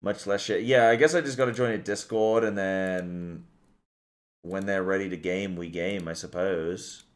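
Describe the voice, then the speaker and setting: A man's voice: deep voice, steady tone, a little slow. A tired young man streaming a game, rambling and swearing casually as he chats with viewers.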